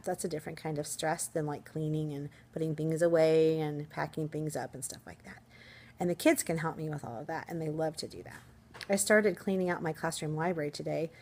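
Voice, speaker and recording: A woman teacher talking casually to her viewers from home in an upbeat, chatty way, laughing easily. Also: lowish voice. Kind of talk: casual vlog chat.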